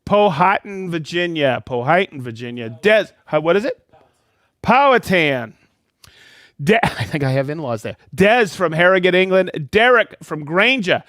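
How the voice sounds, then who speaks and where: A man's voice: sits high, lively intonation, normal speed, a bit bright, no echo, studio quality. A man hosting a live stream, upbeat and jokey, reading out viewers' names and hometowns. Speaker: host of a live product show. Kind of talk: livestream shout-outs to viewers.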